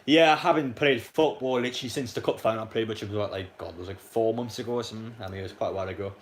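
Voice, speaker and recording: Young Geordie man, fast, blunt, rambling stream chat; faint room hum underneath. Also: fairly low pitch. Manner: rambling, blunt, frequent fillers and restarts. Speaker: live stream match commentator. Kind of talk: casual live stream chat and commentary.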